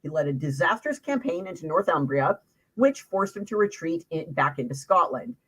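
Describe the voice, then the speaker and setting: A woman's voice: fairly low pitch, normal speed, husky, rough recording. A woman co-hosting a casual trivia show, telling the answers with crude jokes. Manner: crude, joking, lively storytelling. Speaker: trivia co-host. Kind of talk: casual comedic chat.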